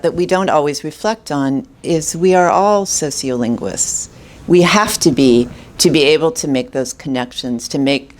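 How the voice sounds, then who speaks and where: A woman moderating an academic symposium, posing a question in a halting, thoughtful way with many restarts. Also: sits low, a little mellow, a little hiss or hum.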